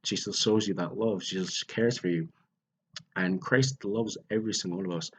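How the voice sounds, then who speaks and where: A man's voice: low voice, moderate pace, a bit bright, a little hiss or hum. A young man giving an earnest, rambling faith talk to his camera, restarting his sentences often. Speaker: vlogger.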